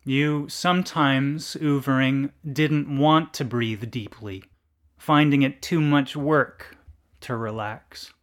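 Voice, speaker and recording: Slow, deadpan male storyteller. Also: mid-range voice. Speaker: narrator. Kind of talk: scripted story narration.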